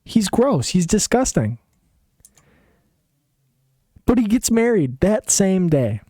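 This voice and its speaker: Brief: deadpan-sarcastic male storyteller, unhurried, rambling, dry close sound. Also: sits high, dry recording. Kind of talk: casual comedic retelling.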